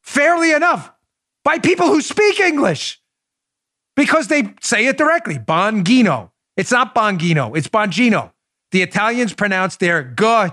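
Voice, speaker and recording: Male political podcast host; high-pitched, very expressive, sarcastic monologue delivery. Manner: incredulous, rapid-fire rhetorical questions; sarcastic, mocking asides.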